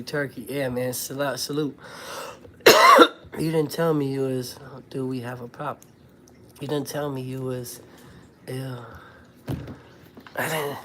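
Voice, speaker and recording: A man's voice: medium pitch, slow, long pauses, pushed and bright. A man hosting a casual livestream while sick and coughing, loose and profane, greeting viewers by name and talking to his little son. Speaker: livestream host, former prisoner. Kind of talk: casual live-stream chat with viewers.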